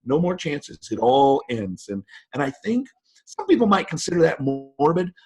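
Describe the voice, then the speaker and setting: A man's voice: fairly high pitch, big pitch swings, normal speed, darkish tone, husky. A man in his fifties telling stories with emphasis as a guest in an interview, his voice jumping up for quoted lines. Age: 50s. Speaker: guest speaker. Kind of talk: motivational interview talk.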